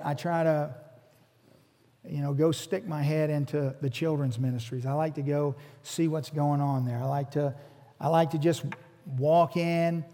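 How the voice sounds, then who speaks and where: A man's voice: a little high, a little mellow. A man preaching a sermon as a pastor, earnest and repeating his words as he builds each point. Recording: long hall reverb.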